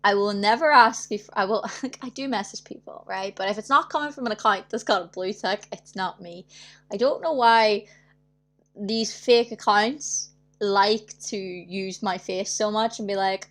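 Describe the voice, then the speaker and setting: A woman's voice: medium pitch, moderate pace, a bit bright. A young woman chatting casually on her livestream, telling stories in a chatty way, acting out other people's voices and laughing often. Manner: chatty storytelling, acts out quoted voices, frequent laughs. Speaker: singer hosting her weekly livestream.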